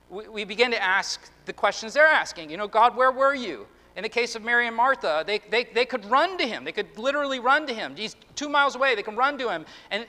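A man preaching a sermon as pastor, earnest and halting, often restarting his words. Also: high-pitched, sharp tone. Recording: long reverb of a hall.

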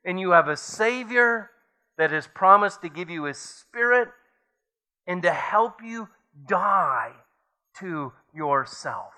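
A man's voice: fairly high pitch, bright, forceful tone. A man preaching a sermon as pastor, reading scripture aloud and building to emphatic points.

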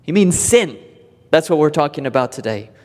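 A man preaching a sermon to his church, emphatic and deliberate, repeating key words for weight. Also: fairly high pitch, very animated, darkish tone, in a large hall. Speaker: pastor. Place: church sanctuary.

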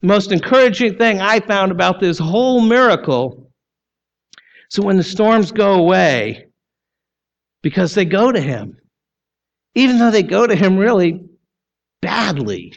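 A man preaching a sermon as pastor, emphatic and full of rhetorical questions, sometimes sinking low and quiet. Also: big pitch swings, a little slow, vocal fry, pauses often, lo-fi sound.

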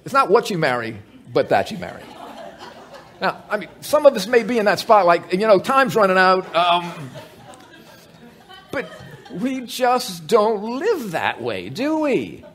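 A man preaching a sermon to a live gathering, conversational and animated, with humorous asides and frequent restarts. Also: high voice, unhurried, some chatter behind. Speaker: pastor.

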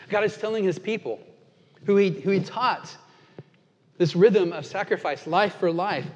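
A man pastor preaching a sermon, earnest and dynamic, slowing down for emphatic quotations and dropping soft and low at times. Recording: dull sound with long reverb in a large hall.

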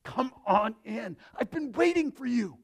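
A man preaching acts out God the Father as a joyful male figure, welcoming a believer home with rising excitement. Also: very high voice, a little slow, creaky, husky, voice pushed up, full character voice. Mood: overjoyed.

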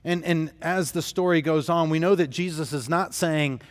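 A man's voice: a little high, moderate pace, long reverb tail. A man preaching a sermon as pastor, telling the story in an earnest, emphatic way.

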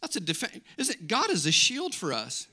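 A middle-aged male pastor preaching with lively, conversational energy, often turning to the congregation with questions. His voice sits high and rings very bright. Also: fairly quick. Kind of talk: sermon.

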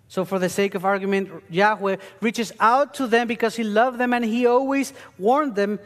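High-voiced earnest male preacher. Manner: earnest teaching with emphatic bursts. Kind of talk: sermon. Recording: long hall reverb.

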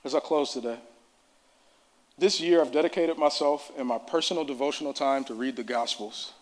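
A man's voice: mid-range voice, moderate pace. A man preaching a sermon in a church service, impassioned and repetitive.

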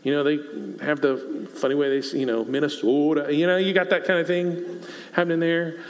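A man's voice: a little high, fairly even intonation, brisk. A man with a Texan accent preaching a sermon to his church, talking conversationally and asking the congregation questions. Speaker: pastor. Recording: long reverb of a church hall.

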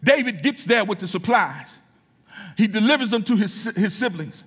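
A man preaching a sermon in a church, building from storytelling to shouted, fervent preaching. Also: high-pitched, lively intonation, normal speed, husky.

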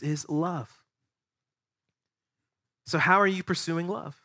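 A man, a pastor preaching a sermon to his church, animated and acting out voices of the people he describes. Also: a little high, slow pace, pauses often. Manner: animated, acts out quoted voices. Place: church sanctuary.

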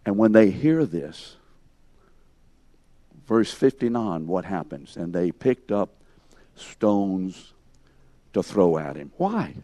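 Male Bible teacher, slow and mellow, emphatic, quizzes the class, dry close sound. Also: deep voice, very animated, dry recording. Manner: questions the class and calls on students by name; emphatic, acts out scenes in second person.

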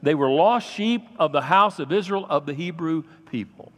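A man preaching a sermon from the pulpit, his somewhat high voice rising into loud, raised passages and dropping into quiet asides. The sound rings with the long reverb of a church hall. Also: normal speed. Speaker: pastor.

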